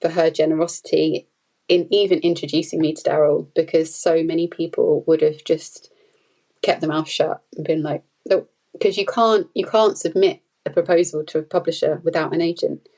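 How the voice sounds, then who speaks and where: Woman, low gravelly tone, relaxed rambling chat. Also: moderate pace, rough recording. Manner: chatty, rambling, with frequent fillers and laughs. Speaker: podcast guest, food photographer. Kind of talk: casual conversational interview.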